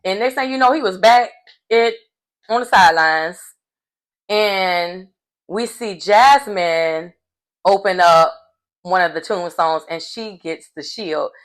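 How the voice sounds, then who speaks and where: A woman tells a casual recap of a reality show. She talks in an animated, slangy way. She sounds like a chatty storyteller. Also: lowish voice, slow, poor audio. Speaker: recap host.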